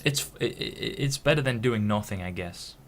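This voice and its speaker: Expressive and lowish, the voice belongs to a young vlogger from Hull, England, with slight background noise in the recording. His frank, rambling talk to camera is full of halts and restarted sentences.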